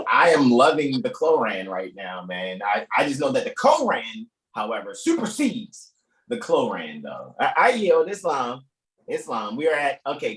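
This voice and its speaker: A man hosting a live reading, talking off the cuff in a rambling, animated way and laughing often. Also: on the high side. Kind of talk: casual improvised commentary. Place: room in a shop. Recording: echoey room.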